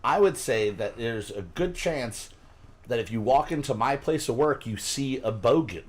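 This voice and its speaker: A man's voice: medium pitch, animated, moderate pace. A man hosting a casual chat, explaining terms in a rambling way, often laughing. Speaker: podcast host.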